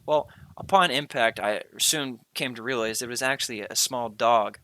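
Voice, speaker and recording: Bright young man telling a story. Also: mid-range voice, normal speed, slight background noise, poor audio. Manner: rambling, heavy on fillers and slang. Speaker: podcast host. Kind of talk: casual storytelling.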